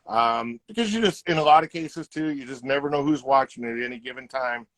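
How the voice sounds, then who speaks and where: A man's voice: a little high, fairly quick, vocal fry, dry recording, rough recording. A middle-aged man, a retired hockey player, telling stories casually in an interview and acting out the quotes in them. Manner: animated, acts out quotes in his stories. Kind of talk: casual storytelling.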